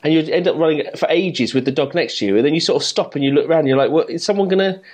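A man co-hosting a podcast in casual chat, lively and quick with questions. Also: a little high, breathy edge. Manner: lively, chatty, interjecting with questions.

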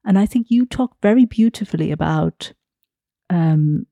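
A woman's voice: lowish voice, lively intonation, normal speed, vocal fry, mellow, no room sound, studio quality. A British woman hosting a podcast, reflective and appreciative as she interviews her guest and closes the episode. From Britain. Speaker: podcast host.

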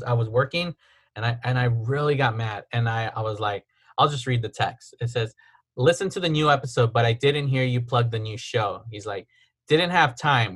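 Casting: male podcast host, mid-pitch, aggrieved casual storyteller, lots of "like". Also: a bit bright. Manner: aggrieved, retelling texts with filler "like".

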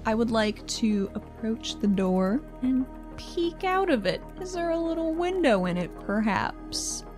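A woman takes part as a player in a tabletop game. Her voice sits a little high. She makes playful, quick asides as her character goes along. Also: sing-song, a little mellow, faint music behind.

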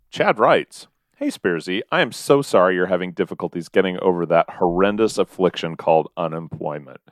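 A man co-hosting a podcast in casual, jokey banter, reading out listener names and mail with a slightly hoarse voice. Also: deep voice, no room sound, clean studio sound. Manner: playful, jokey delivery with sudden loud bits. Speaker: podcast co-host.

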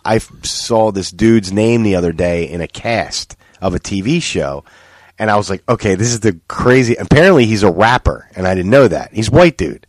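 A man hosting a podcast, chatting casually with profane jokes and quick anecdotes. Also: on the low side, lively intonation, dry recording. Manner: profane, joking, storytelling. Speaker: podcast host. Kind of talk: casual chat.

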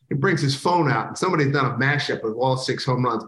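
Middle-aged baseball announcer guy telling stories, jumps into loud catchphrases, kind of roomy echo. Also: mid-range voice, fast. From Philadelphia area. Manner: animated storyteller who bursts into loud catchphrases. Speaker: baseball play-by-play broadcaster, guest. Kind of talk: casual podcast interview storytelling.

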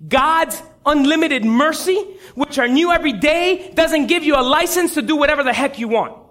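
A man preaching a sermon, telling a story with animated, acted-out quotes. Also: very high-pitched, normal speed.

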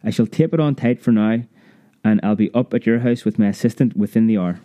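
A man's voice: lowish voice, brisk, mellow, lo-fi sound, close to an everyday voice. A man voicing a confident, old-fashioned family doctor who speaks formally and emphatically in a storybook reading. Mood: emphatic.

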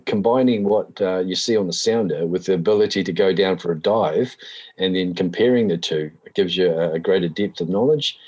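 A New man with a very deep, husky voice talks in a relaxed, meandering way. He restarts his sentences often and leans on "you know" as he chats. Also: rough recording. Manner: relaxed, rambling with many fillers and restarts. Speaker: guest, spearfisherman. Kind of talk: casual conversation.

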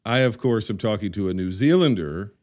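A man's voice: fairly low pitch, lively intonation, brisk, darkish tone. An American man hosting a podcast, joking in playful mock-clueless banter with his guest. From United States. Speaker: podcast host. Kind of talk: casual chat.

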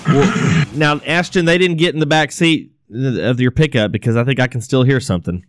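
A man's voice: mid-range voice, moderate pace, soft background music. A man hosting a casual farm podcast, rambling and restarting sentences as he laughs his way through it. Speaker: podcast host.

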